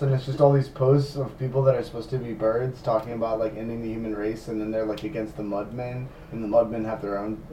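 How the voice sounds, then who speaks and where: A man's voice: mid-range voice, little pitch movement, fairly quick, few pauses, dark tone. A man co-hosting a podcast, casual and wry with sarcastic asides. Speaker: podcast co-host. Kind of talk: casual chat. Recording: dull roomy distant mic with faint noise.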